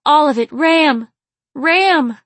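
Lady playing a young woman lover, high gaspy breathless voice, dry close sound. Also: animated, takes it slowly, fairly bright tone, dry recording, heavily acted. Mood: breathless, ecstatic.

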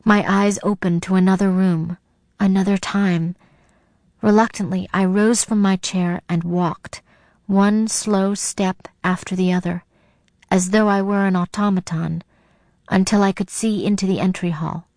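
A woman reads a first-person suspense story aloud with tense, dramatic storytelling. Her voice sits at an ordinary mid pitch, and the recording is dry and close with no room sound. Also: fairly even intonation, unhurried, a little mellow, no echo. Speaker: narrator. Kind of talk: first-person audiobook narration.

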